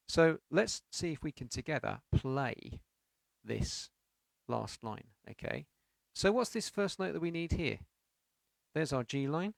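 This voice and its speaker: A man's voice: a little high, gravelly, no echo. A man teaching a beginners' piano lesson, explaining notes patiently and counting beats aloud with sung syllables. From United Kingdom.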